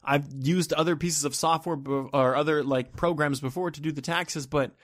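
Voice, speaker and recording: A man with a fairly high voice rants into the camera in a vlog. He rambles and sounds exasperated, swearing freely and letting his words trail off into low mumbles. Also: fairly even intonation, normal speed. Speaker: vlogger. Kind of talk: ranting vlog.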